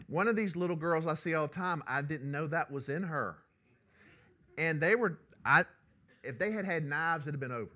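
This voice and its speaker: A man preaching a sermon in a conversational, storytelling way. His pitch swoops up and down as he talks, and his voice is very bright and forceful. He sounds like a pastor talking straight to his congregation. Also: animated, moderate pace.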